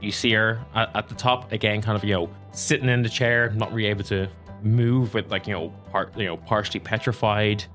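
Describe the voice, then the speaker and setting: A man's voice: lowish voice, steady tone, a little fast, a bit bright, faint music behind. A man narrating as game master, playful and laughing often in a loose, casual way.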